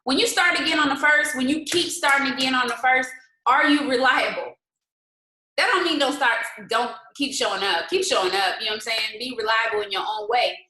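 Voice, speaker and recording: A woman's voice: high-pitched, a little fast, sharp tone, reverberant, poor audio. A woman hosting a casual live-stream pep talk at home, firing rhetorical questions and mixing faith-based encouragement with colloquial asides and frequent laughter. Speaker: motivational host. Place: indoors at home.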